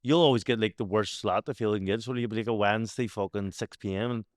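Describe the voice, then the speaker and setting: A man's voice: fairly low pitch, fast talker, no echo, clean studio sound. A man with a Belfast accent hosting a podcast, chatting casually, swearing and laughing easily. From Northern Ireland. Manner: laughs easily, swears, stammers with repeated words. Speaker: podcast host. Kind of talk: casual chat.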